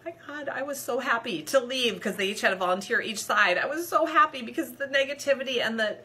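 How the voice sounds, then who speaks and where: A woman coach telling a personal story straight to her viewers, animated and expressive, speaking to them directly. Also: fairly high pitch, a little fast. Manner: addresses viewers directly as "you guys". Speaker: leadership coach. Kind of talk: personal story told to camera.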